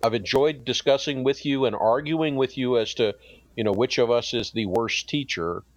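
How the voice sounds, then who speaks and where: A man's voice: mid-range voice, normal speed, no echo, highs cut off. A man co-hosting a podcast in playful, ironic banter who laughs easily. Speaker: podcast co-host.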